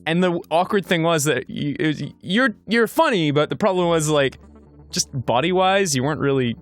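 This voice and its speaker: A man's voice: on the high side, expressive, moderate pace. Rambling, sweary Australian man. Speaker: co-host of a gaming show. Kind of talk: casual chat while playing a video game.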